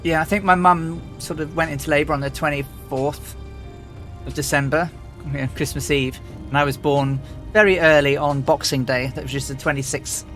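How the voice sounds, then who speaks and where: A man's voice: a little high, fairly even intonation, normal speed, fairly bright tone, soft background music. A man from England, chatting casually as a livestream host, rambling with lots of fillers and restarts. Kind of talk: casual chat.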